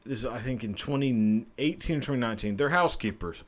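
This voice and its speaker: A man's voice: mid-range voice, fast. A young man, hosting a profane, rambling comedy chat about a true-crime story and laughing at his own jokes. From Texas. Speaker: podcast host.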